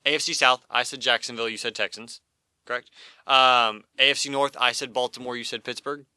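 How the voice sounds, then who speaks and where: A man hosts a casual sports podcast at a quick clip, his voice bright and sharp. He talks in opinionated bursts, stumbling over restarts and fillers, and the sound is dry and close. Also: medium pitch, fairly even intonation, clear, resonant tone, no echo. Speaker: podcast co-host.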